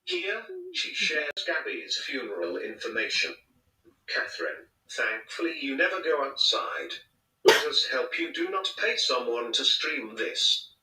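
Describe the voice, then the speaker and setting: Snarky robot cat guy, man voicing him, deadpan insults, bright tone, roomy far-off sound. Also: medium pitch, measured pace, full character voice. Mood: sneering. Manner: mocking, insulting deadpan commentary. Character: snarky sarcastic robot cat narrator, male. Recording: echoey, distant from the mic, played from a video.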